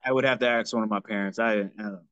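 A man born in Jamaica who grew up in the United States and has no Jamaican accent. He is a podcast guest giving relaxed, somewhat hesitant replies. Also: fairly low pitch, very fast, smooth, dry recording, muffled recording. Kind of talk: casual chat.

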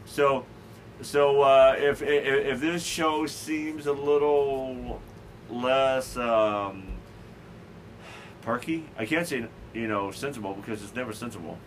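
A man's voice: mid-range voice, slow pace, a little hiss or hum, rough recording. Rambling, stammering male show host. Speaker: podcast host. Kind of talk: casual chat.

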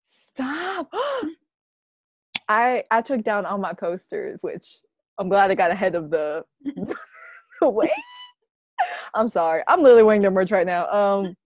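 A young woman co-hosting a podcast in casual chat, gushing and animated, saying "oh my God" often. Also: medium pitch, normal speed, long pauses, dry recording, studio quality. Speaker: podcast co-host.

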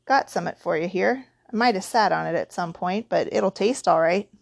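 A woman voicing a huge, shaggy, good-natured male giant in a storybook reading, gruff and homely in manner, with dialect-tinged speech. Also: lowish voice, moderate pace. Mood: gruff friendly.

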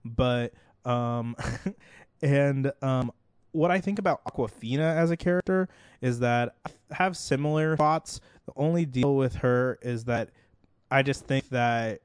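A man's voice: mid-range voice, unhurried, clear, resonant tone, dry recording, clean studio sound. A man, co-hosting a casual podcast about movies, talking in a loose, rambling way full of "like". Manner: rambling, heavy on "like" fillers. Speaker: podcast co-host.

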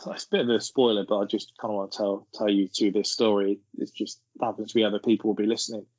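A man's voice: on the low side, flat delivery, quick pace, darkish tone, dry recording. A man, rambling through an anecdote in casual podcast chat. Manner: rambling storyteller, laughing as he tells it. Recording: dull lo-fi sound.

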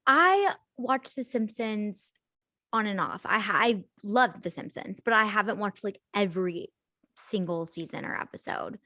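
A woman's voice: mid-range voice, lively intonation, measured pace, bright, forceful tone, dry recording. Woman, casual podcast chat, giggly and rambling, close dry mic. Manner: chatty, laughs often, heavy use of "like". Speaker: podcast co-host.

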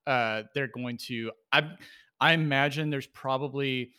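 A man co-hosting a podcast, chatting loosely with lots of filler words and quick laughs. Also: medium pitch, sharp tone, clean tone. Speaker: podcast co-host. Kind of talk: casual chat.

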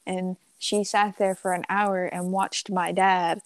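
A woman's voice: fairly low pitch, flat delivery, slow pace, dry recording. A young woman co-hosting a casual podcast chat, rambling with lots of fillers and casual swearing. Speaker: podcast co-host.

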